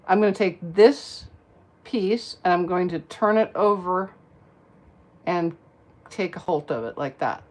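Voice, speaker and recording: Woman, lower voice, folksy craft tutorial host chatting while working. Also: measured pace, long pauses. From American South. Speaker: card-making demonstrator.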